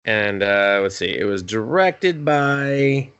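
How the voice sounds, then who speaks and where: A young man co-hosting a casual podcast, swearing freely and acting out quotes in a higher voice. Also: animated, slow pace, fairly bright tone, clear, resonant tone, dull audio. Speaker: podcast co-host. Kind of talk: casual chat.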